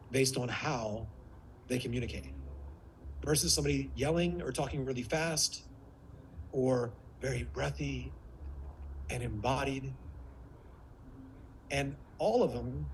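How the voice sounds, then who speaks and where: A man's voice: a little high, slight background noise, low-quality recording. A man teaching a live online workshop as a speaking coach, who shifts between vocal tones to show them and sometimes drops to a near whisper.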